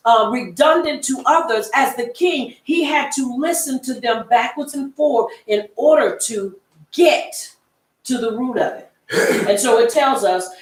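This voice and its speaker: Higher-voiced woman teaching a Bible class in an echoey room. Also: recorded from a distance. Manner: conversational, folksy, repeats herself and acts out quoted voices. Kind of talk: Bible study lesson.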